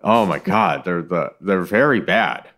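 A man's voice: low-pitched, lively intonation, measured pace, a bit bright. A man co-hosting a podcast in casual chat, loose and profane, often restarting his sentences. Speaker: podcast co-host.

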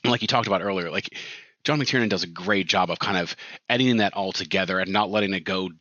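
Low bright-voiced man, dull sound. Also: fast talker, no echo. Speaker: film podcast co-host. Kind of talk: casual film discussion.

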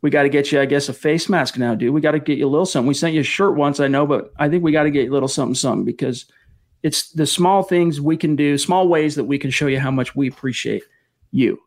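Reading out viewer comments and thanking each donor in turn, this casual live-stream podcast host keeps up a steady energy. He talks fast, and his voice sits slightly high for a man.

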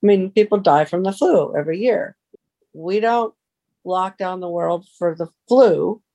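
Gravelly-voiced mother, matter-of-fact. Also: lowish voice, a little slow, warm tone, no room sound. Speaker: narrator's mother. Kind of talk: casual chat with her daughter.

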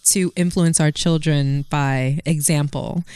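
A woman's voice: low voice, steady tone, slow pace, a little mellow, clean tone, no echo, clean studio sound. A woman co-hosting a podcast, speaking candidly and reflectively in casual chat. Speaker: podcast co-host.

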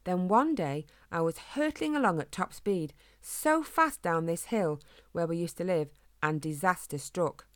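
A woman's voice: on the low side, expressive, unhurried, dry recording. A kindly storybook father hedgehog, read by a woman, chatting fondly about old times. The delivery is folksy and homely. The sound is dry and close.

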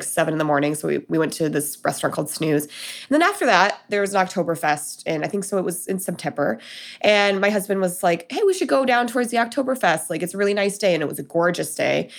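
A woman's voice: deep voice, gravelly. A young woman from Denver, chatting casually and telling a personal story with lots of fillers and acted-out dialogue. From Denver, USA. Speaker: guest telling her story.

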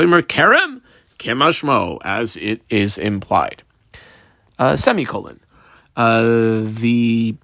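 A man's voice: medium pitch, fairly bright tone, dry recording. Man teaching Talmud, methodical and dry. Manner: reads Hebrew and Aramaic phrases, then translates each in plain talk; methodical, marks punctuation and notes aloud. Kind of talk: line-by-line Talmud study lesson.

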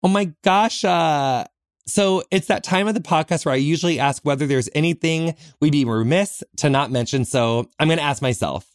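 A man's voice: a little high, no echo, clean studio sound. Earnest reflective male podcast host. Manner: earnest, reflective, many pauses and restarts. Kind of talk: heartfelt solo podcast talk. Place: small closet.

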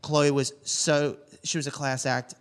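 A man co-hosting a casual celebrity news podcast, telling stories in a quick, self-deprecating way. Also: a little high, little pitch movement, clear, resonant tone. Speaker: co-host.

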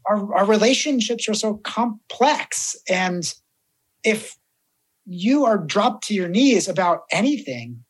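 A man's voice: sits high, slow pace, husky. A man who works as a death doula, chatting as a podcast guest and acting out the voices in his stories. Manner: animated storyteller, acts out quoted voices. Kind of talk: casual podcast chat.

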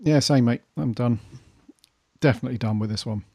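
Man podcast co-host, brisk and jokey, dry close sound. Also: mid-range voice, gravelly, a little mellow, breathy edge, dry recording. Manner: brisk, matter-of-fact, jokey. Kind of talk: casual chat.

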